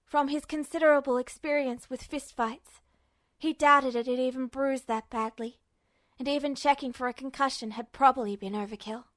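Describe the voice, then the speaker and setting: High-voiced woman narrating a story. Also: dry recording, clean studio sound. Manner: measured, steady reading. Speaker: podfic reader. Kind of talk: scripted narration of fan fiction.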